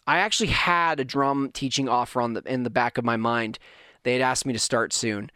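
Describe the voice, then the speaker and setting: Animated man telling a story. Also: mid-range voice, fairly quick, clean tone, no echo, clean studio sound. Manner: animated, self-deprecating, conversational. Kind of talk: casual storytelling to viewers.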